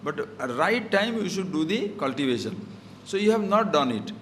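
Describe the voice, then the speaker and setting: A man's voice: high-pitched, very animated, moderate pace, fairly bright tone, slight background noise. A man giving a scripture talk, explaining Sanskrit verses with everyday examples and rhetorical questions. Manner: mixes Sanskrit verses into English. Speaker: spiritual teacher.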